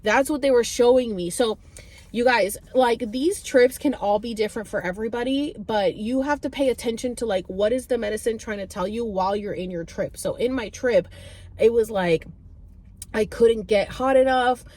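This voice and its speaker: A woman's voice: a little high, moderate pace, a little mellow. A young woman vlogger telling a personal story in casual chat, full of "like" and restarts, acting out her own past voice with sudden squeals and cries. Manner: heavy use of "like" and filler restarts. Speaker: vlogger and spiritual reader.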